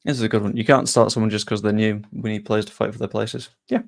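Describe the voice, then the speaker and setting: A man hosting a football channel, chatting casually as he answers viewer questions with quick asides. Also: fairly low pitch, steady tone, gravelly. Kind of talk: casual live-stream Q&A.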